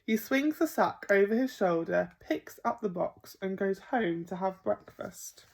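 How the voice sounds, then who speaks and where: A woman reading a picture book aloud to children as a primary school teacher, expressive and playful. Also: mid-range voice, measured pace, gravelly, slightly rough. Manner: expressive, with gasps and playful emphasis.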